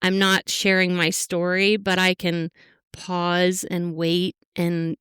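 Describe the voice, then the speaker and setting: A middle-aged woman sharing her own story on a podcast, earnest and halting, pausing often. Her voice is very smooth and clear. It sounds dry and close, with no room around it. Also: on the low side, monotone, fairly bright tone, dry recording. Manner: heartfelt, halting, full of fillers. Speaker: podcast guest. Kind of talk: emotional personal interview.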